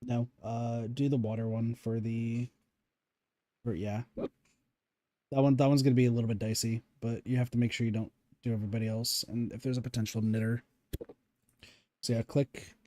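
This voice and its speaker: A man with a warm, mellow voice talks a co-player through a game, hiccuping as he goes. He pauses often and fills gaps with "um" and "like." The sound is dry and close. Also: mid-range voice, level tone, dry recording. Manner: halting coaching with many fillers. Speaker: streamer guiding a co-player. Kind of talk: casual gaming chat.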